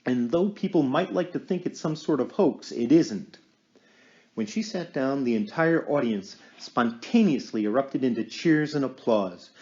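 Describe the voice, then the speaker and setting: A man narrating an audiobook in a measured storytelling manner. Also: mid-range voice, lively intonation, warm tone, lo-fi sound. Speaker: audiobook reader.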